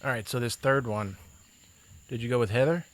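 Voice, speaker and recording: A man of middle pitch co-hosting a podcast, with short reactions and quick follow-up questions. A plain, casual chatting voice. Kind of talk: casual chat.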